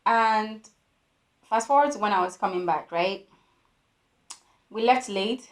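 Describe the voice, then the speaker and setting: A woman's voice: medium pitch, a little slow. Young woman, storytelling vlogger, acts out quotes, echoey room. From Nigeria. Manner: animated storytelling with voiced quotes. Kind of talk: storytime vlog.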